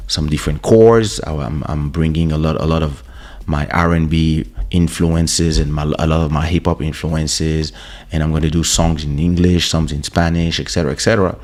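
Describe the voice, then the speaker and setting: Male host, very low voice, laid-back anecdotal delivery with stammered restarts, podcast mic. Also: moderate pace. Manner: relaxed anecdotal, stammering repeats. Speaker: host and musician. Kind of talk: casual storytelling. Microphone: studio podcast microphone.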